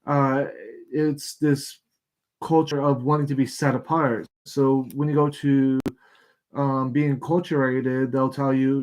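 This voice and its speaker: A man of middle pitch reads scripture aloud at a live show. He stumbles over names, restarts phrases and breaks in with frank, irritated asides before going back to the text. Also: level tone, darkish tone. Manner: reads passages aloud haltingly, stops to comment. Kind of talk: casual Bible reading and commentary.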